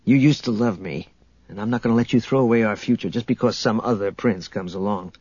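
A man's voice: on the low side, brisk, darkish tone, breathy edge, highs cut off. A man reading a cocky starship captain. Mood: earnest. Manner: laid-back and teasing.

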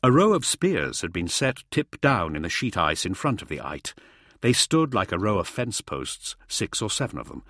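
A man's voice: fairly low pitch, sing-song, normal speed, fairly bright tone, no echo, clean studio sound. A man narrating a fantasy audiobook with vivid, dramatic storytelling.

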